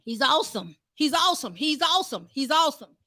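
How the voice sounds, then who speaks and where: Woman preacher, sermon, very high voice, fervent shouted praise, repetitive. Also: very animated, a little fast.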